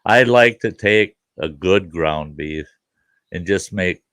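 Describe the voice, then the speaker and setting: A deep, slightly bright voice speaks slowly as this show host tells folksy stories in a casual chat. He laughs and acts out quoted voices. The recording is dry.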